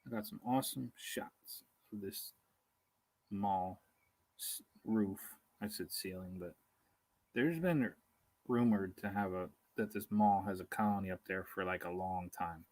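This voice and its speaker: Rambling, husky-voiced man chatting live. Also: sits low, unhurried, darkish tone, rough recording. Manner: casual, chuckling, talks through hesitations and reads comments aloud. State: hungry and tired. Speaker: beekeeping livestream host. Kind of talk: rambling live-stream chat. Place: outdoors.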